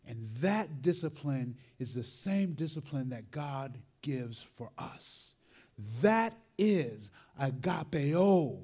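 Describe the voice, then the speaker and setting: Lively slow-talking preacher man. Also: a little high. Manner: animated, conversational, tags lines with "right?" and "man". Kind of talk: sermon storytelling.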